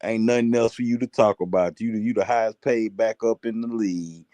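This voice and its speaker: A blunt, laid-back man with a Southern accent joining a casual podcast as a guest. His voice is on the low side. The sound is dry, with no room sound. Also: fairly quick, warm tone, no echo. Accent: Southern American. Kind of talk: casual chat.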